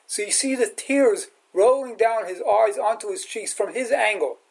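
A man's voice: sits high, moderate pace, gravelly, rough recording. A man giving a sermon as a rabbi and teacher, retelling a film scene and acting out its lines. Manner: animated storyteller acting out quotes. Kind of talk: sermon with storytelling.

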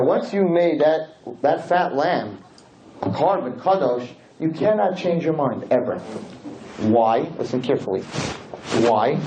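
A man teaching a class as a rabbi, telling stories in an animated, joking way and acting out the scenes. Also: on the high side. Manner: animated, jokey, acts out scenes. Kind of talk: lively storytelling lesson. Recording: dull lo-fi with faint noise.

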